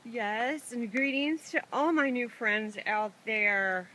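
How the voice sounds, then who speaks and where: A woman's voice: fairly high pitch, takes it slowly, pushed and bright, slight background noise. A woman in a playful, chatty home video, greeting her chickens and her viewers in a sing-song voice, often laughing, outdoors in a chicken yard. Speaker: vlogger and backyard chicken keeper.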